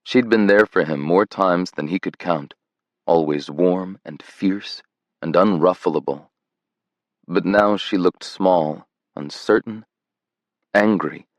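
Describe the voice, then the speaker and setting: A man reading a romance audiobook in a measured, tender scripted narration. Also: deep voice, no echo.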